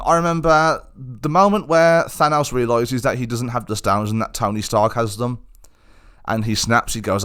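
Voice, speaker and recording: A young man talks alone on his podcast at a mid pitch. He rambles with frustration, circling back and restarting his sentences as he vents. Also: fairly bright tone. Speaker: podcast host. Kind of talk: solo podcast monologue.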